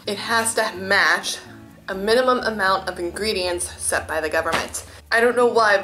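A young woman food vlogger, chatting with enthusiasm and gushing while she tastes, her voice dropping to soft murmurs as she eats. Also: lowish voice. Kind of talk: chatty food tasting vlog.

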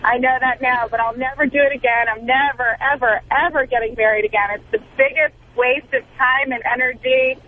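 A woman's voice: sits high, fairly even intonation, fairly quick, hardly any pauses. A woman caller on a radio show, chatty and agreeable, laughing easily. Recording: tinny phone line.

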